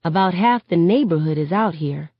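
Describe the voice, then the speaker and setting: A woman reading a novel aloud in steady first-person narration that rises sharply on shouted lines. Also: fairly low pitch, normal speed, dry recording. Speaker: reader. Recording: dull lo-fi, dry sound.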